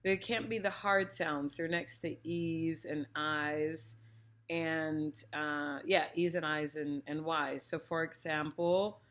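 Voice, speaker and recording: A woman's voice: deep voice, fairly even intonation, slow, fairly bright tone. A woman teaching a casual Spanish pronunciation lesson, chatty and playful, demonstrating sounds aloud and giving firm opinions.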